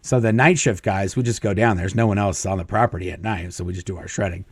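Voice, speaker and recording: A man's voice: sits low, steady tone, fast, vocal fry, slightly rough, no room sound, clean studio sound. A man as an interview guest, telling stories casually, chuckling often and acting out quoted dialogue. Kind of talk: casual storytelling.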